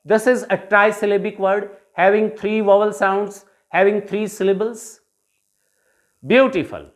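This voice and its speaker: A woman with an Indian accent teaching English syllables in a classroom-style lesson. She drills words slowly and repeats them for learners to copy. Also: mid-range voice, steady tone.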